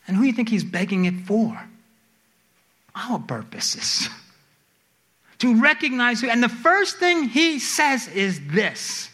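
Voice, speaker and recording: Animated high-voiced male preacher. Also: slow pace, pauses often, slightly rough. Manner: animated, rising to emphatic high pleas then dropping low; asks the congregation questions. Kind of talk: sermon.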